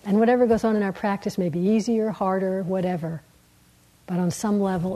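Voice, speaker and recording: Woman meditation teacher, slightly breathy voice, mid pitch, gentle dharma-talk delivery. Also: fairly even intonation, low-quality recording. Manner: gentle, unhurried, with soft laughs and quiet trailing endings. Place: meditation hall.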